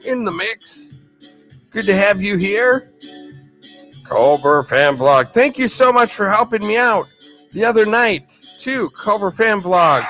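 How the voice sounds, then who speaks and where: A man hosting a live stream, chatting in an upbeat way and thanking viewers. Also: high-pitched. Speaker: livestream host.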